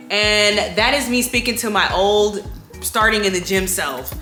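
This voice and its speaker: A young woman with a drawl gives lively, emphatic life advice while doing her makeup at home late at night. Her voice is bright and clear, and it rings a little in an echoey room. Soft music plays faintly underneath. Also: medium pitch, unhurried. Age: 20s. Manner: animated, emphatic, preachy motivational. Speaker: beauty vlogger.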